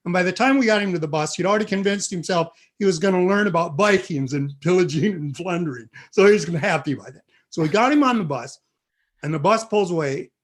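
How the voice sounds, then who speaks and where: A middle-aged man telling a funny family story on stage, animated and acting out the voices. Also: high-pitched, a little fast. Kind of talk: live comic storytelling.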